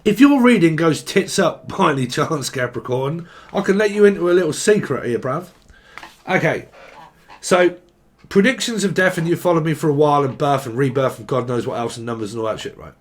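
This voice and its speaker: A man's voice: on the high side, animated, brisk. A man giving a casual tarot reading, joking and swearing, and breaking into song now and then. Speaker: tarot reader.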